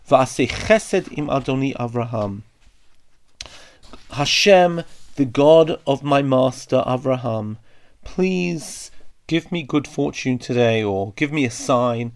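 A man giving a Bible study lesson, reading verses aloud and then translating and explaining them in a thoughtful way, with pauses and small restarts. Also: mid-range voice. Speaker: Bible teacher.

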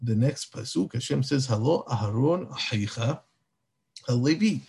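A man giving a Torah class in a lively, animated way. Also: mid-range voice, normal speed, creaky, slightly rough. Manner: animated, acts out biblical dialogue. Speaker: Torah teacher.

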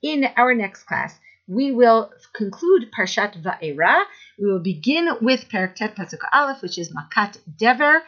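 A woman teaching a Bible text lesson, reading verses slowly, then translating and explaining them. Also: a little high, sing-song, fairly bright tone. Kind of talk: text study lecture. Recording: dull lo-fi recording.

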